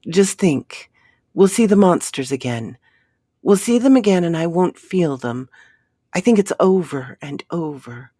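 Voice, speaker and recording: A woman's voice: on the low side, lively intonation, a little slow, warm tone, breathy edge, no echo, clean studio sound. Woman reading a weary, earnest space explorer. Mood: calm.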